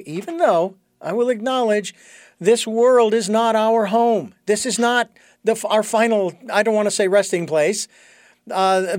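Halting male host with a raised voice. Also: sits high, dry recording, clean studio sound. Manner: halting, full of fillers and restarts. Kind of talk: casual conversation.

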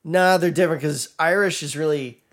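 Young male co-host, gravelly, slightly high voice, loose and profane banter. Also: moderate pace. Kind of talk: casual chat.

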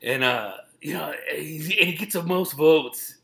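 A man riffing loosely on a podcast, rambling and joking and swearing freely. His voice is bright and edgy, with a gravelly grain running through it. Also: a little high, measured pace. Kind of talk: casual podcast chat.

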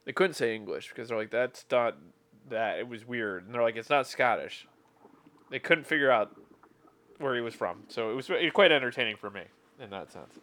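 A man's voice: mid-range voice, a little fast. Chatty man in casual conversation. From California. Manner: chatty, animated when quoting people. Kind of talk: casual chat.

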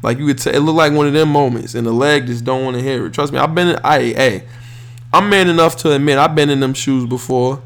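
A young man, hosting a podcast with rambling, slangy, animated sports talk. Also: medium pitch, fast. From northern New Jersey. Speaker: podcast host.

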